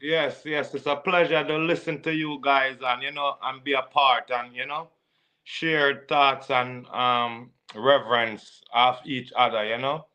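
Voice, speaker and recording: A man calling in to a live show, talking in a relaxed way and often adding "you know". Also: medium pitch, measured pace, smooth. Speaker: caller. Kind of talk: casual call-in chat.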